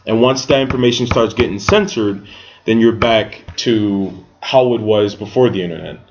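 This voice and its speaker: Halting man on a lo-fi podcast. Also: on the low side, darkish tone, a little hiss or hum. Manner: halting, restarts often, searches for words. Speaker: podcast co-host. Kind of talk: casual discussion. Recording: dull lo-fi sound.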